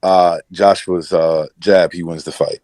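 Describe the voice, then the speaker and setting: Low-voiced, hesitant podcast regular man. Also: fairly even intonation, measured pace, a little mellow, no room sound. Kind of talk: casual boxing podcast chat.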